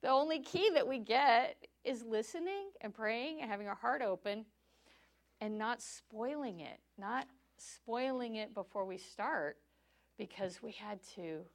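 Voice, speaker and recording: A woman leads a church class with a chatty storytelling manner. She laughs easily and slips into voices for the people she quotes, keeping her tone friendly and conversational. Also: medium pitch. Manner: acts out dialogue in quoted voices. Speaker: church teacher. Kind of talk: teaching a church class on sharing faith.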